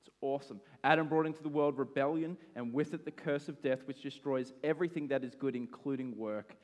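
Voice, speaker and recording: A middle-aged man, preaching a sermon and telling lively stories about his own bad days. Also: medium pitch, a little fast. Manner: animated storytelling, acting out his own shouts. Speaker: pastor. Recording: long hall reverb.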